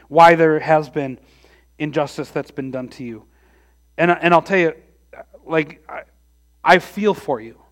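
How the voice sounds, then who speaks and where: Earnest high-voiced male preacher. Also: fairly bright tone. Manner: earnest, repeats words and restarts often. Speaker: pastor. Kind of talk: sermon.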